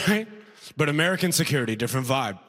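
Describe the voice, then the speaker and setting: A man's voice: mid-range voice, animated, fast, fairly bright tone, in a large hall. A man from Sudan doing a conversational stand-up set on a comedy club stage, checking in with the crowd as he goes.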